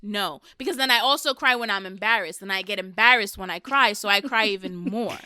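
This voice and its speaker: Bright-voiced woman in her thirties. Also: medium pitch, a little fast, clear, resonant tone. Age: 30s. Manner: candid and animated, swears freely. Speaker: podcast host. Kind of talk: casual chat.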